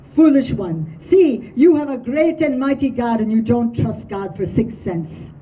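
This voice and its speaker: A woman storyteller voicing a pious rabbi disguised as a peasant woodcutter, putting on a rough peasant way of talking. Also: a little high, animated, a little slow, mellow, slight background noise. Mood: coaxing. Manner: gruff peasant accent put on. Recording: dull distant room recording.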